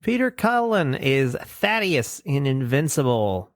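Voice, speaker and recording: A man's voice: medium pitch, sing-song, slow, no echo, studio quality. A man co-hosting a podcast, chatting casually and jokingly about an old cartoon. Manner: jokey, riffing, slips into silly voices. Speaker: podcast co-host. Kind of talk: casual cartoon review chat.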